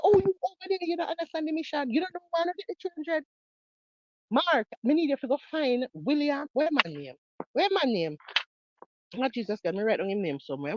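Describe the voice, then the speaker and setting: A woman's voice: on the high side, darkish tone, no room sound, muffled recording. A Jamaican woman giving heated reaction commentary on a video, mocking and repeating herself.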